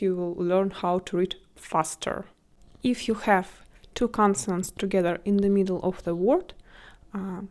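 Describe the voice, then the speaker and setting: A woman's voice: mid-range voice, darkish tone. A woman teaching a language lesson, patiently breaking words into syllables. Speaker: Russian language tutor.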